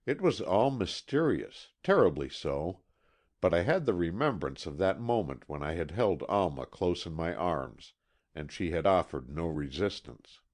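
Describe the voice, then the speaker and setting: A man reading a classic mystery novel aloud as an audiobook narrator, measured and expressive. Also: sits low. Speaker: audiobook reader.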